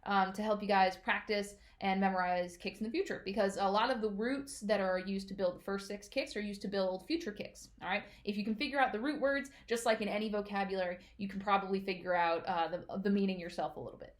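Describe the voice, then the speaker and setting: A woman's voice: mid-range voice, fairly even intonation, fast talker, hardly any pauses. A woman teaching as a martial arts instructor, explaining patiently and checking in often with "all right?".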